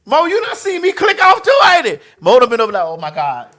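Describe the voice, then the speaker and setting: A woman's voice: very high-pitched, sing-song, fast talker. Brash, profane woman hosting a talk show. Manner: loud, profane and emphatic. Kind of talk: brash casual chat.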